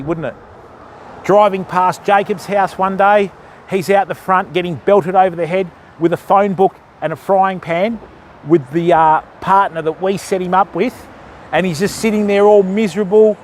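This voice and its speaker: A man's voice: high-pitched, steady tone, normal speed, slight background noise. An Australian man hosting a live fishing stream outdoors, chatting and joking with his viewers while he casts. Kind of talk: casual live-stream chat.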